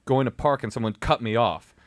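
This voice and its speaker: A man in his thirties, a comedian, tells a story in casual chat at a medium pitch and a slightly quick pace. He's animated, acting out other people's lines in put-on voices. The recording is dry, with clean studio sound.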